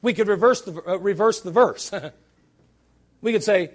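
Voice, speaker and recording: A man with a notably high voice preaching at a church service. He presses his points with rhetorical questions and dry, sarcastic asides. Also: brisk. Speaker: pastor. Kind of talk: sermon.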